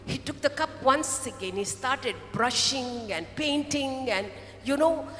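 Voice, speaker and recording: A woman preaching a sermon to a congregation, telling a story slowly and acting out the voices of a potter and a clay cup. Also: high-pitched, animated, a bit bright. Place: large hall. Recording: echoey hall, voice from off-mic.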